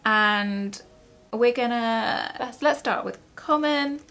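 A woman's voice: fairly high pitch, takes it slowly, a bit bright, faint music behind. A young woman vlogging from home in a chatty, rambling, self-mocking way. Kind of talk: casual vlog chat.

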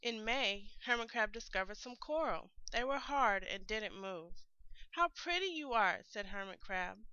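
A woman reads a children's picture book aloud, telling it clearly and expressively like a teacher. Her voice is bright, crisp and slightly high. The recording is dry and a bit dull. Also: unhurried, hardly any pauses, dry recording.

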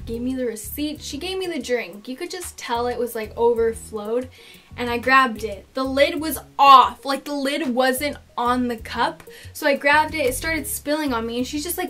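A woman's voice: high voice, sharp tone. A teenage girl chatting casually in a get-to-know-me vlog, telling stories with lots of "like" fillers. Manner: chatty, dramatic storytelling with many "like" fillers.

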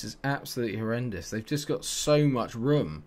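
Speaking at normal speed with few pauses, a man narrates his football management game live and animatedly, sometimes muttering low and sometimes shouting with excitement.

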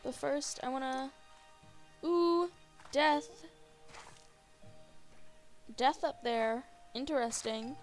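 A young woman casually commenting on a game she plays, gushing and easily excited, talking to the creatures on screen. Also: sits high, very slow, pauses often, soft background music. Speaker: gaming video host. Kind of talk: casual let's-play commentary.

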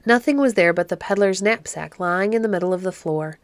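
A woman hosting a podcast and reading an old storybook aloud in a measured, gently expressive way. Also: mid-range voice, dry recording. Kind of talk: storybook read-aloud narration.

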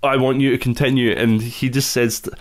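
A man hosts a relaxed conversation, winding through a story with plenty of "um"s and restarts. His voice sits at an ordinary middle pitch. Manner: storytelling, halting with fillers and restarts. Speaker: host. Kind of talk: casual chat.

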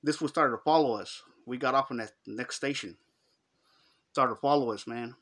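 A man's voice: medium pitch, normal speed, a bit bright. A middle-aged man with a Chicano Los Angeles accent, telling a story in slangy street talk and acting out the quotes. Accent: Chicano English, Los Angeles. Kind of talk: casual storytelling.

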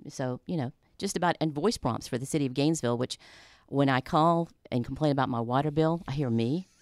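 A woman's voice: rumbling low, a little fast, a little mellow, no echo, clean studio sound. A woman voice-over artist and traffic reporter, chatting in a self-deprecating way in a radio interview. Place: radio studio. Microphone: studio microphone.

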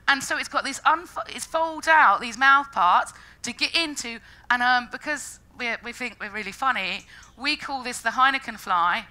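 A woman giving a lively, jokey public science talk, acting out funny quoted voices along the way. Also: on the high side, normal speed, poor audio. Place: lecture stage before an audience.

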